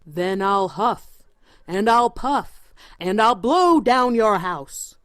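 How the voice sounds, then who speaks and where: A woman voicing a big bad male wolf who roars slow, drawn-out threats in a storybook reading. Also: fairly high pitch, big pitch swings, mellow, no echo, studio quality. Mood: roaring, demanding.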